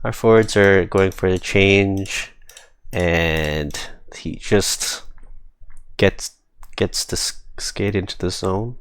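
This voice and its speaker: Slow, low-voiced man breaking down hockey footage. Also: steady tone, clear, resonant tone, dry recording. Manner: easygoing, amused play-by-play with chuckles. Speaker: amateur hockey player reviewing game footage. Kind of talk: casual game film review commentary.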